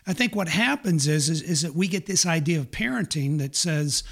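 An older man with a hoarse, strained voice, talking earnestly as an interview guest, often restarting his sentences. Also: on the high side, expressive, normal speed. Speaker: guest, parenting ministry founder. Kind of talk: conversational interview.

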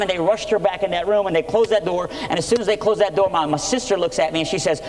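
A man's voice: sits high, rapid-fire, few pauses. A man preaching his testimony, telling the story earnestly and with energy. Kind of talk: sermon testimony. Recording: echoey hall.

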